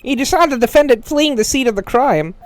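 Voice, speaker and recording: A woman's voice: high-pitched, animated, a little fast, pitched above the performer's own voice. A woman voicing a smug, pompous male prosecutor who accuses and presses.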